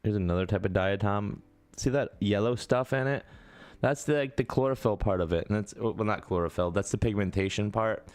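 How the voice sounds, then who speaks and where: A man's voice: on the low side, a little fast, a little mellow, dry recording. A man hosting a casual live stream, chatting playfully with viewers and joking around.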